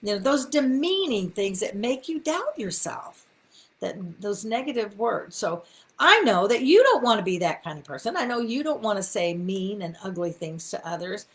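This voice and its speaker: A woman's voice: medium pitch, big pitch swings, moderate pace. A middle-aged woman, hosting a live faith talk in a folksy, encouraging way with many ums and asides. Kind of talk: casual live-stream teaching.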